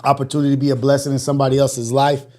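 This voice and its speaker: A man hosting a live morning call-in show, out of breath and chatting casually, with energetic exclamations and motivational, prayerful asides. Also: medium pitch, racing.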